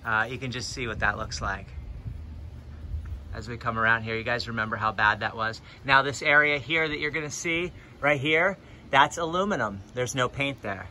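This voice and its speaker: A man's voice: medium pitch, moderate pace, bright, forceful tone, slight background noise. A man who runs a pressure washing business, talking casually with lots of ums and uhs while he walks around a house and films it. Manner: filming himself while walking around a house; chatty, plain-spoken, many ums and uhs. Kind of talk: casual walkthrough vlog. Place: outdoors at a house.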